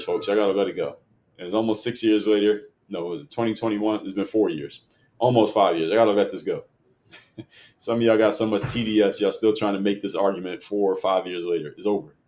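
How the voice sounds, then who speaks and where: A man's voice: on the low side, darkish tone. Argumentative man hosting a livestream. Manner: argumentative, lectures and rebuts chat comments. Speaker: livestream host. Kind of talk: political commentary livestream, reading chat.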